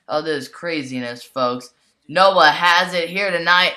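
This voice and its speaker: A woman calls a toy wrestling match like a ringside commentator, keeps exclaiming and talks straight to the folks at home. Her voice sits a little low for a woman but has a bright, forceful edge. She takes her time between the big calls. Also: slow pace. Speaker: play-by-play commentator.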